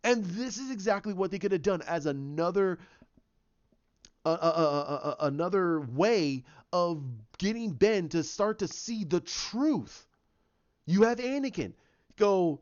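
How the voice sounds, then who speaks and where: A man's voice: sits high, expressive, normal speed, a little mellow, highs cut off. A man giving an opinionated, emphatic movie review, often repeating himself. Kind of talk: casual movie review rant.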